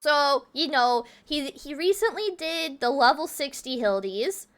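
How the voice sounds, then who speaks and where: A woman's voice: high-pitched, animated, a little slow, fairly bright tone. A woman with a Texan accent, chatting playfully and giggling as she streams a game. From Texas. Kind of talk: casual live-stream chat while gaming.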